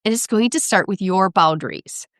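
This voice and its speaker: Animated woman expert, very dry sound. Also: medium pitch, moderate pace, no room sound. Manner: animated, acts out parents and kids in quoted voices; frequent laughs and "right?" tags. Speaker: guest expert. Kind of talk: conversational interview.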